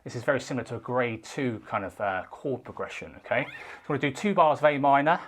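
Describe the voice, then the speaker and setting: A man teaching a casual guitar lesson, talking in a relaxed way and counting beats out loud while he strums. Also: medium pitch, quick pace, a little hiss or hum. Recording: faint guitar playing behind.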